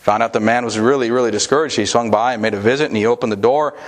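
A man's voice: medium pitch, very fast. A man preaching a sermon in a conversational way, with asides and restarts. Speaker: pastor.

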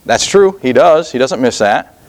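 A middle-aged man preaching a sermon in an earnest, halting way, repeating words and pausing often. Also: mid-range voice, lively intonation, darkish tone. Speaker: pastor.

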